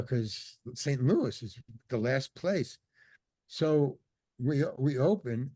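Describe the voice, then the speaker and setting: A man's voice: medium pitch, dark tone, no room sound. An older man, a podcast guest, telling a long anecdote in casual talk and acting out other people's lines. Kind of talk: casual storytelling interview.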